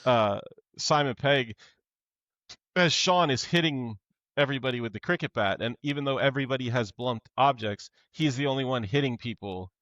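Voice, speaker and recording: A man's voice: medium pitch, normal speed, fairly bright tone, dry recording. Man recapping a movie, muffled sound. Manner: retells scenes, acting out quotes with laughs. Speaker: podcast co-host. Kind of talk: casual movie recap chat.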